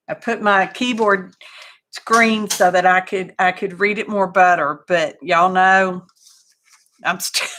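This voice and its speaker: Folksy woman, craft livestream host, bright and chatty. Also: medium pitch, a little hiss or hum. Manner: chatty and folksy, greets viewers by name, says y'all. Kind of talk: casual live craft chat.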